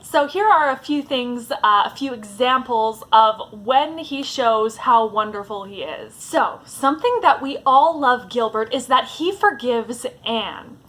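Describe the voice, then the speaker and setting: A woman's voice: on the high side, animated, a little slow, few pauses, a bit bright. A woman giving a casual, chatty vlog talk as a book vlogger, with a fond tone and lots of "like"s.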